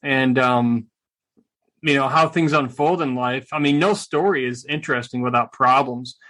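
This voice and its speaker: A middle-aged man, a veteran guest in an interview, telling stories in a casual, animated, joking way with a sarcastic streak. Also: mid-range voice, moderate pace. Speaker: guest, combat veteran and speaker.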